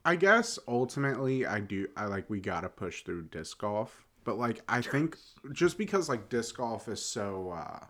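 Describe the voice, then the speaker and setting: A man co-hosts a casual podcast in a mid-pitched voice with a lively, swinging intonation. He argues his case playfully, full of jokes and fillers. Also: normal speed. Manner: playful, joking, lots of "listen" and "like". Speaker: podcast co-host. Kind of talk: casual chat.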